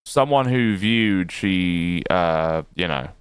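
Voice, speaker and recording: A man's voice: low voice, animated, slow, clean tone, dry recording. A man co-hosting a live stream, chatting casually and hedging his opinions with restarts and qualifiers. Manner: hedging, unsure, with many restarts. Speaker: stream co-host. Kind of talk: casual drama-commentary chat.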